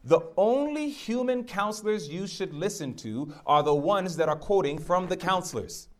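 A man's voice: sits high, animated, normal speed. A middle-aged man preaching a sermon, emphatic and direct, throwing rhetorical questions at his congregation.

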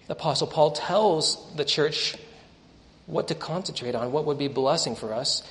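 A young man preaching a sermon to a congregation, telling stories and acting out the dialogue with lively energy. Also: a little high, normal speed. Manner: animated storytelling, acts out dialogue. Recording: echoey hall.

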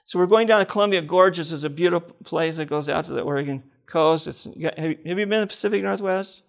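A man's voice: on the high side, quick pace, gravelly. An older man preaching a personal testimony, telling stories with laughter and acting out the dialogue.

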